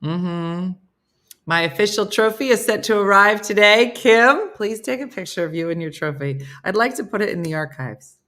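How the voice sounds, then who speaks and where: A woman's voice: medium pitch, lively intonation, normal speed, fairly bright tone. A middle-aged American woman hosting a casual live morning show, chatting and joking with viewers by name in a self-mocking way. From United States. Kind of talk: casual live-stream chat reading comments.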